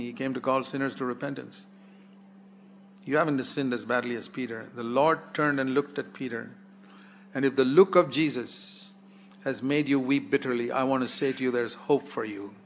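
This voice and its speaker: A man's voice: medium pitch, fairly bright tone, slight background noise. A man preaching a sermon in an earnest, pleading way, putting direct questions to his listeners.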